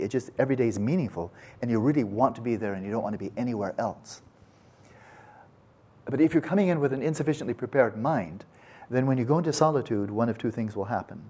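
A male meditation teacher giving a dharma talk at a retreat, telling a parable in a folksy, animated way with casual asides. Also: medium pitch, husky.

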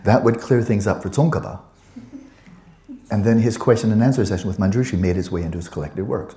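A man's voice: lowish voice, a little fast, mellow, reverberant. A man teaching Buddhism to students in a conversational, digressive way with playful asides. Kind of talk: dharma talk to students.

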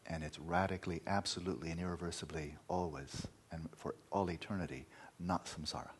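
A man's voice: low-pitched, steady tone, a little fast, slight background noise. A man teaching meditation in a dharma talk, emphatic, repeating key words and at times dropping to a near-whisper.

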